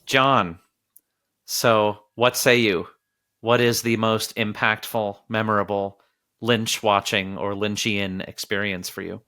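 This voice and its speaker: A man's voice: fairly low pitch, fairly even intonation, slow, bright, forceful tone. A man hosting a podcast, chiming in with short jokes and questions to his guests. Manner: brief, joking interjections. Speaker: podcast host. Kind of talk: casual podcast chat.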